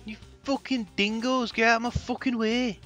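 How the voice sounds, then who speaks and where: A man putting on a shouty Cockney geezer. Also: extremely high pitch, little pitch movement, moderate pace, faint music behind, voice pushed up. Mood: aggressive. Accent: put-on Cockney. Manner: shouting, swearing, exaggerated. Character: rowdy Cockney man yelling at rivals.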